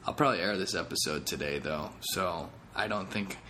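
A man's voice: sits low, brisk, sharp tone, slight background noise. A comedian hosting his own podcast, talking in a rambling, jokey, self-deprecating way. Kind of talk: casual podcast monologue.

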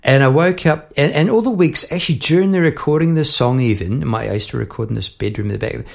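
Chatty songwriter, rambling storyteller. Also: male voice, medium pitch, fast talker, gravelly. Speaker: songwriter hosting a podcast. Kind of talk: casual chat about songwriting.

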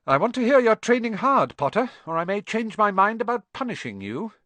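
A man's voice: high voice, very animated, brisk, sharp tone, dry recording, pitched above the performer's own voice, heavily acted. A man voicing a stern older female professor, with a clipped, commanding way of speaking, in an audiobook reading. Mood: brisk, stern.

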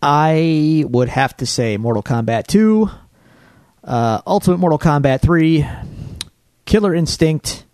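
A man co-hosting a podcast in a casual chat, joking and quick to riff. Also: fairly high pitch, a little mellow, no echo, clean studio sound. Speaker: podcast co-host.

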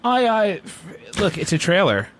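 A man's voice: high-pitched, sing-song, measured pace, a bit bright, slight background noise. A man co-hosting a movie talk show, dry and skeptical, dismissing hype in casual chat. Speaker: co-host.

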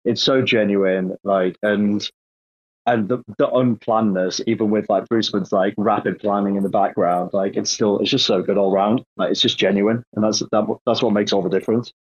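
Brief: male guest, lower husky voice, dull lo-fi recording. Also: fairly even intonation, moderate pace. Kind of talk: casual chat on an audio space. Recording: dull lo-fi online audio.

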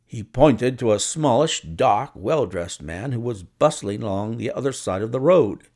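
A man narrating a classic short story in an expressive, scripted reading. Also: mid-range voice, a little slow. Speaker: audiobook narrator.

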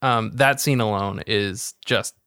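A man co-hosting a casual podcast, making relaxed, offhand remarks. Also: lowish voice, slow pace, smooth, no room sound, clean studio sound.

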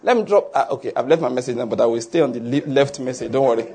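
A man pastor preaching a sermon with animated delivery, often checking "are you getting my point?". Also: medium pitch, very fast, husky.

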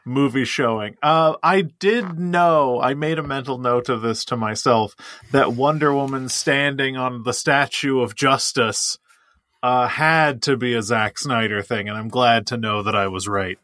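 A man's voice: mid-range voice, unhurried, pushed and bright, dry recording, studio quality. A man co-hosting a podcast, talking films in a wry, sarcastic manner. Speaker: podcast co-host. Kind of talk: casual film discussion.

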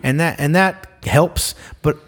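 A man's voice: on the high side, a little slow, soft background music. A man, a guest musician in a casual podcast chat, explaining things in a reasoned, wry way. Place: studio room across a table.

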